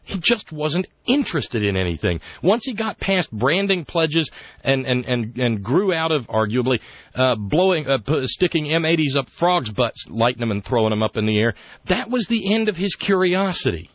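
A man's voice: mid-range voice, sing-song, normal speed, no room sound. A man hosting a talk radio show. He rambles wryly and often restarts his sentences. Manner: rambling, wry, with many restarts. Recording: dull lo-fi radio broadcast.

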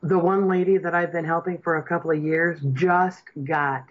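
A woman's voice: lowish voice, fairly even intonation, moderate pace, highs cut off. A woman hosting political talk radio, earnest and impassioned, building up to emphatic points. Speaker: radio host.

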